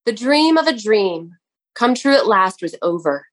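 A woman reading a story aloud in a measured, expressive way, with an occasional stumble over a word. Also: medium pitch. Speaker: narrator. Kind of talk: audiobook narration.

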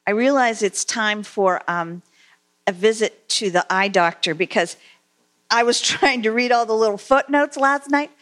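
A woman giving a conversational sermon, asking her listeners questions and reading scripture aloud, with frequent pauses and fillers. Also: fairly high pitch, a bit bright. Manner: conversational, asks the congregation questions; halting, many fillers. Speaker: preacher.

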